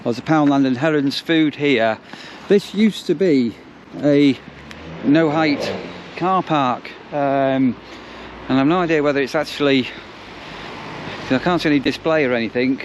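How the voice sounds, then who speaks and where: Man, campsite warden vlogging outdoors; rambling, casual, a touch high-pitched. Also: unhurried, dull audio, a little hiss or hum. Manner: chatty, rambling, lots of ums and restarts. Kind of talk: casual vlog narration.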